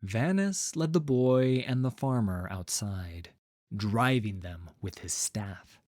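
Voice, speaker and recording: A man narrating a fantasy story in a slow, measured storytelling manner. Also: fairly low pitch, lively intonation, darkish tone, dry recording, clean studio sound. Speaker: audiobook narrator. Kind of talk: scripted narration.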